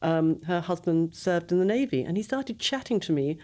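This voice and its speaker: Middle-aged British woman, lower voice, warm anecdotal guest who laughs at herself. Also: lively intonation, normal speed. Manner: storytelling, self-deprecating. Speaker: former royal press secretary, guest. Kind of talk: anecdotal podcast chat.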